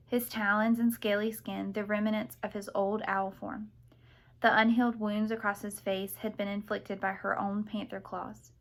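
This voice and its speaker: Female audiobook reader, steady storytelling, mid pitch. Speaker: audiobook narrator. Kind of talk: audiobook narration.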